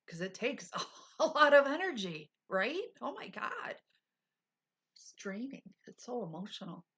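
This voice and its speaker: Woman, middle-aged, livestream host, bright voice, candid chatter, frequent laughs. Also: mid-range voice, vocal fry, slightly rough. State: recovering, low on energy. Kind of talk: casual live chat with viewers.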